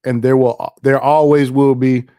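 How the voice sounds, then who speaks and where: A man's voice: medium pitch, little pitch movement, measured pace, mellow, clean tone. A middle-aged man hosting a livestream, reading chat and telling stories in a loose, profane way, laughing often and repeating himself.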